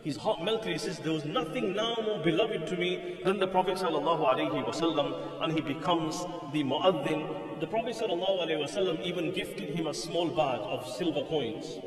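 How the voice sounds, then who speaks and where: A man's voice: fairly high pitch, brisk, few pauses. A man, a mufti giving a storytelling lecture in a mosque, who chants the call to prayer melodically. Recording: echoey hall, voice from far off.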